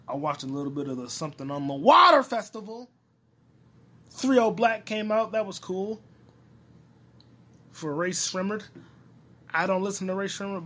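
Rambling, profane solo podcaster. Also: male voice, high voice, a bit bright. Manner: rambling, profane, talks to himself. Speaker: podcast host. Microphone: phone recording.

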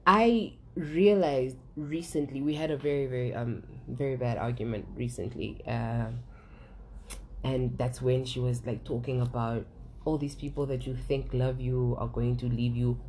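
Low-voiced young woman telling her story. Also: steady tone, unhurried, slight background noise, rough recording. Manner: candid, emotional, swears freely, many restarts. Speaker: guest sharing her story. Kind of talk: casual conversation.

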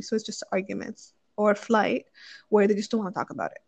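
A woman's voice: medium pitch, a little fast, vocal fry, a little mellow, breathy edge, no echo, lo-fi sound. A young woman chatting casually, thinking aloud with many fillers and restarts as she gives marriage advice. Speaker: speaker sharing advice on marriage. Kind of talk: casual chat.

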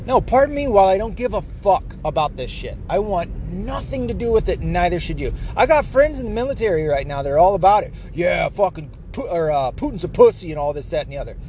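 High-pitched man, profane heated rant, sarcastic, faint background hiss. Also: expressive, fast, hardly any pauses, a little mellow. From United States.

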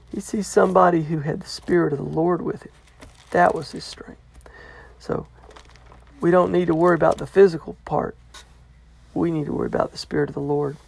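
Gravelly, casual Bible study teacher. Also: mid-range voice, darkish tone, no room sound. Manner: loose and conversational, checks in with "okay?"; paraphrases a commentator and passages in plain words.

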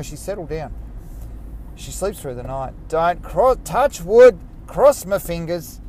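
This podcast host speaks in a slightly high, darkish voice, with a little hiss or hum on the recording. He chats casually in a rambling, self-mocking solo monologue.

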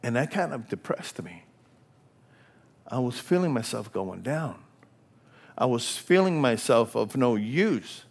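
An older man preaching a sermon, impassioned and repetitive, swinging between hushed whispers and loud, rising exclamations. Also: mid-range voice, sing-song, a little slow, creaky, long pauses, breathy edge.

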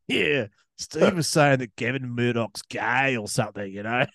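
A young New Zealand man co-hosting a podcast, ribbing his mate with crude jokes and plenty of laughter. His voice swoops up and down a lot and sits at an ordinary pitch. The sound is close and dry, with no room echo. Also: lively intonation, a little slow, gravelly, a bit bright. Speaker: podcast co-host. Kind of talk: casual banter.

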